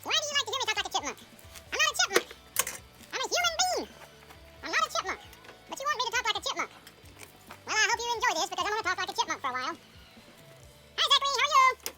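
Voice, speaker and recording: Chipmunk, squeaky, very high, lively swoops, fast, playful banter, music behind. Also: male voice. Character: squeaky sped-up chipmunk-voiced man. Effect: sped-up high pitch.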